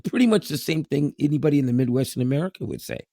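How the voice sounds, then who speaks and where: A man's voice: a little high, expressive, rapid-fire, warm tone, no echo, studio quality. A man, co-hosting a podcast in casual chat, laughing often and repeating words. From Canada. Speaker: podcast co-host.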